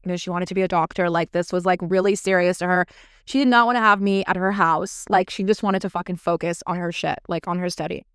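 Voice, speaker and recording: A woman's voice: lowish voice, steady tone, fast, a bit bright, clear, resonant tone, no room sound, studio quality. A woman hosting a podcast, telling a personal story in a chatty, casual way, swearing freely and filling with "like". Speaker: podcast host.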